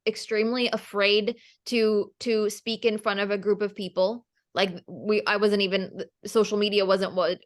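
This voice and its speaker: A woman coaching on a video call, energetic and emphatic, repeating phrases to drive her point home. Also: medium pitch. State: emotional, near tears. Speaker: business coach.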